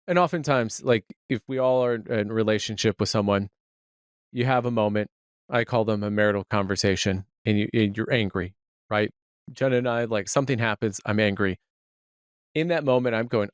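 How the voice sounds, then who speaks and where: A man's voice: lowish voice, normal speed, clean tone, no room sound, studio quality. A man hosting a podcast interview, asking curious follow-up questions and restating his guest's ideas. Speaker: podcast host.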